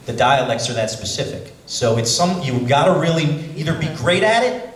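A man's voice: a little high, sing-song, normal speed, soft background music. A man from Brooklyn, a voice actor on a convention panel, answering fan questions in a chatty, joking way with many restarts. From Brooklyn, New York. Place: large convention hall. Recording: roomy hall, far from the mic.

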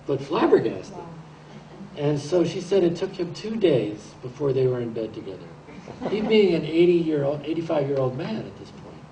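A man in his sixties giving a rambling, anecdotal talk about his photographs, halting now and then as he tells his stories. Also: mid-range voice. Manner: rambling storyteller, relaxed and halting. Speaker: photographer presenting his pictures. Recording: roomy echo, distant mic, faint hiss.

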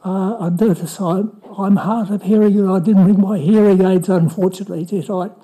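A man asking a question as a resident at a council meeting, halting and restarting often. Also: sits high, fairly even intonation, dark tone, poor audio. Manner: halting, with many restarts and fillers. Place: council chamber.

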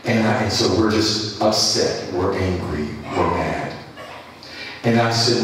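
A pastor telling a rambling sermon story with many restarts. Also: male voice, low voice, unhurried, a bit bright, slight background noise. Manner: rambling anecdotal delivery with restarts. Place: church. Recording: echoey church hall from a distance.

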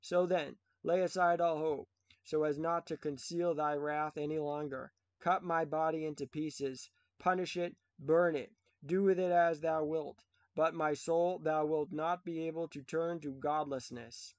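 A man's voice: a little high, steady tone, unhurried, a little mellow, no echo, natural voice. A man reading the lines of a young martyr who answers a king boldly and eagerly in archaic speech. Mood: defiant. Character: defiant young male martyr.

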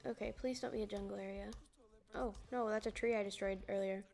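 A woman's voice: medium pitch, fairly even intonation, brisk, gravelly, a little mellow. A young woman streaming a game, chatting casually and rambling while greeting her viewers. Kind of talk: casual livestream chat while gaming. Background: music playing.

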